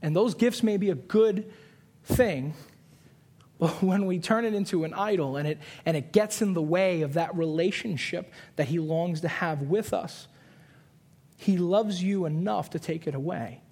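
A man in his twenties preaching a sermon, telling a story with animated voices and repeating key lines for emphasis. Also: high-pitched. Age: 20s. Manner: storytelling with animated put-on voices and quick asides.

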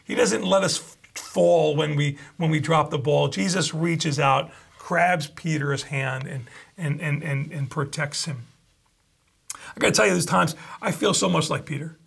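A man preaching a sermon, reading scripture aloud and retelling it with lively asides. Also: fairly high pitch, normal speed, creaky, husky. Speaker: pastor.

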